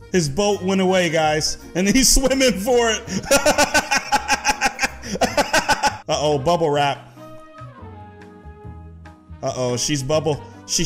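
Young guy with a high voice reacting to funny clips, laughs a lot, slow easygoing talk, faint music behind. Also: a bit bright. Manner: laughs often, playful slang, addresses viewers as guys. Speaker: YouTube host reacting to clips. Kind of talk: casual reaction commentary.

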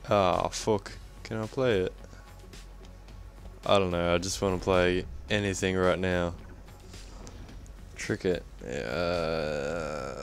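Excitable Australian gamer, low slow voice. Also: male voice, clear, resonant tone. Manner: excitable, swears often, laughs at himself. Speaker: gaming commentator. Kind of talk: live game commentary.

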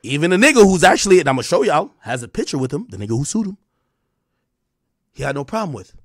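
Animated high-voiced ranting man. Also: fast talker, no echo, studio quality. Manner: animated, profane, mocking. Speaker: online commentator. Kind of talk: ranting commentary.

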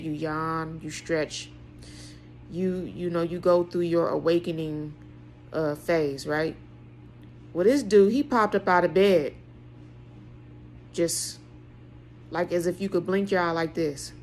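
A woman, giving an emphatic, preaching monologue that repeats phrases and swings between soft and loud. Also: fairly low pitch, a little hiss or hum. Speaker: vlogger.

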